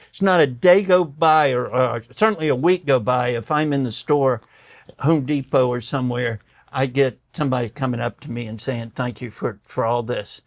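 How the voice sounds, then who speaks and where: A mid-range male voice with no room sound belongs to an older doctor who's a guest. He tells stories conversationally, lively in manner, playing the voices of the people involved, and grows tearful.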